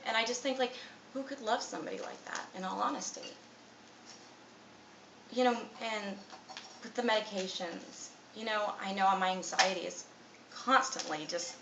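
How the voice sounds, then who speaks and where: A woman's voice: mid-range voice, normal speed, pauses often, lo-fi sound. A woman in her twenties talking anxiously and self-critically in a rambling confessional vlog, full of fillers. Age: 20s. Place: room at home. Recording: echoey room, mic at a distance, faint ambient noise.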